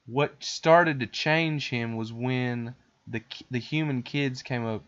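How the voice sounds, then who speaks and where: A podcast host, a man with an ordinary mid-range voice, rambles through a story with lots of "um"s and restarts. He sounds casual and animated. The audio is dull and lo-fi. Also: mid-range voice, slow pace, smooth. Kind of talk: casual retelling of a cartoon.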